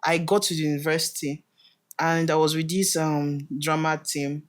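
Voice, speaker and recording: A man's voice: fairly high pitch, little pitch movement, normal speed. A Nigerian man chats as a guest on a podcast. He tells his stories with animation and acts out other people's lines as he goes. He laughs often while he talks. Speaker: guest actor. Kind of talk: casual podcast interview. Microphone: podcast studio mic.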